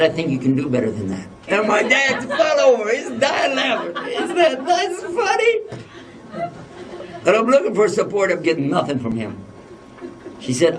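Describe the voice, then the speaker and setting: A man's voice: a little high, recorded from a distance. A man giving a religious lecture, telling a humorous personal story and acting out the dialogue. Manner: humorous, anecdotal, acts out dialogue.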